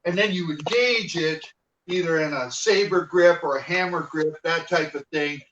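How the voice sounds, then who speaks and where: Telling meandering stories and performing other people's lines, a martial arts guest chats in a casual interview. His fairly high, slightly bright voice moves at a moderate pace, and the lo-fi audio sounds distant and echoey with faint noise.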